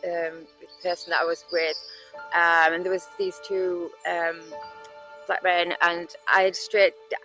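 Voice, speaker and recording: Blunt, halting Yorkshire woman. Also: on the low side, level tone, bright, forceful tone, soft background music, poor audio. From West Yorkshire, England. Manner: halting, many fillers and restarts, blunt swearing. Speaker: storyteller recounting her life. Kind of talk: candid personal testimony.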